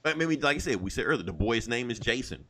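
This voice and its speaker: A man talking fast, with a lively, swinging pitch. He co-hosts a podcast and makes his points emphatically, with loose swearing and laughter. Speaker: podcast co-host. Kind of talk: casual chat.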